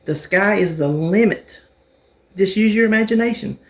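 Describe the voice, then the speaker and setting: A woman from hosts a casual cooking demonstration. She talks in a chatty, homey way, guiding the viewer through each step at a middling pitch. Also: normal speed. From North Carolina, US. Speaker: cooking vlogger.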